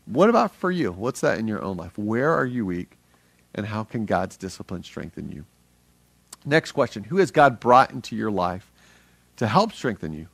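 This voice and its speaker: A middle-aged man preaching a sermon as a pastor, energetic and earnest, speaking conversationally with frequent restarts. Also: on the low side, moderate pace, vocal fry, slightly rough, dry recording.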